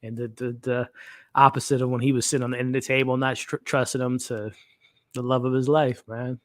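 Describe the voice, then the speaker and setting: A young adult man hosting a live stream, moved and chatty, talking straight to his viewers and his dog in loose slangy speech. His voice sits at an ordinary middle pitch and sounds close and dry, with almost no room around it. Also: flat delivery, fairly quick, no room sound. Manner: emotional, talks to chat and his dog, slangy. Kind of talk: casual live watch-along chat.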